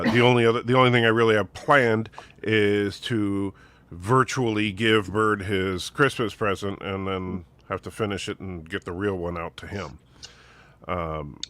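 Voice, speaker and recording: Low-voiced bright man, earnest rambling chat. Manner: rambling and earnest, many fillers. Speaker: show co-host and streamer. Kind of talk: casual chat.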